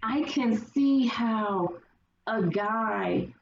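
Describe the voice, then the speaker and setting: A woman guest in casual conversation, telling her stories lively and acting out the people she quotes. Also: on the high side, drawn-out words, vocal fry. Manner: animated storyteller acting out quoted voices. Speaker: podcast guest. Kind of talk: casual chat. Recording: roomy, distant, dull sound with faint hiss.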